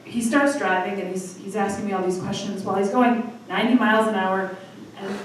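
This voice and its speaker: A woman's voice: medium pitch, a little fast, recorded from a distance. Woman in her thirties, live storyteller, chatty and self-deprecating, very echoey room, heard from afar, faint background noise. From Michigan, USA. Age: 30s. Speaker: storytelling night host. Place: live storytelling venue with audience.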